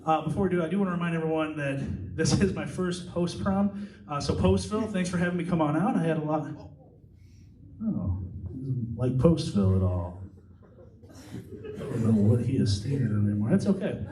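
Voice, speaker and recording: A man from Iowa working as a stage hypnotist, giving calm, repetitive suggestions to volunteers in a live show. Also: a little high, fast talker, a little hiss or hum. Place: large indoor hall, school party. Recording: echoey hall from far off with music.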